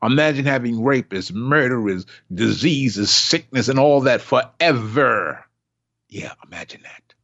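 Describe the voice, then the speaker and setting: An older man preaches an impassioned sermon in a mid-pitched voice, emphatic and repeating himself for effect. He acts out the voices he quotes. The recording is dull and lo-fi. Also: lively intonation, unhurried, a bit bright.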